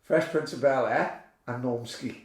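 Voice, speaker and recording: A man's voice: mid-range voice, measured pace, a little mellow. A man co-hosting a podcast, telling rambling, sweary comic stories in casual chat. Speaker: podcast co-host. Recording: roomy, off-mic sound.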